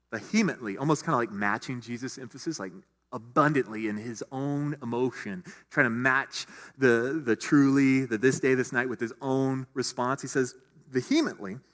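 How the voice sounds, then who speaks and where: Male pastor, middle-aged, mid-pitched, chatty sermon delivery, long church reverb. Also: a bit bright. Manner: conversational, with asides and restarts. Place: church sanctuary.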